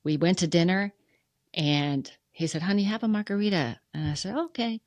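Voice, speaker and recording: A woman's voice: lowish voice, normal speed, dry recording. A middle-aged American woman, a podcast guest, telling a personal story candidly and acting out the dialogue with feeling. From United States. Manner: emotional, animated, acts out quoted dialogue. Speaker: podcast guest, funeral museum president.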